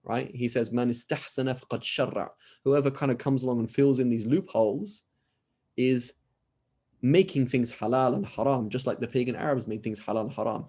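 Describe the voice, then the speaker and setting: A man's voice: mid-range voice, a little fast, mellow, breathy edge. A man with a British accent teaching a class over a video call, chatty, often asking "right?" and acting out short exchanges. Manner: conversational, keeps asking "right?" and acts out little dialogues. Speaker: Islamic scholar teaching a class. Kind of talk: lecture.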